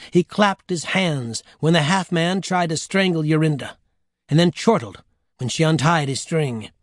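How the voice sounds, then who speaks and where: Man narrating an audiobook, measured and wry, slightly high voice. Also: no room sound, clean studio sound.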